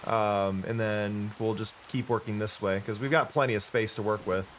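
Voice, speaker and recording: A man's voice: fairly low pitch, steady tone, moderate pace, slight background noise. A tired-sounding man streaming a game, thinking aloud in casual commentary with frequent restarts. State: tired, yawning.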